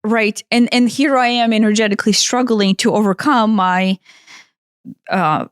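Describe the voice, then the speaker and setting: A woman's voice: medium pitch, normal speed, clean tone, no echo. A woman from Ukraine narrates a personal story for a podcast, chatty and winding, with frequent restarts. Her voice sits in a middle register and is recorded close and dry, with no room sound. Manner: animated, rambling, restarts often. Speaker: podcast co-host, energy healer. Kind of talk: casual storytelling chat.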